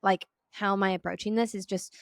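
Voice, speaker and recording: A woman's voice: medium pitch, little pitch movement, fairly quick, no echo. Give me a woman podcast host asking casual, affirming questions, recorded dry. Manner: warmly affirming, asks questions. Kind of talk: casual interview chat.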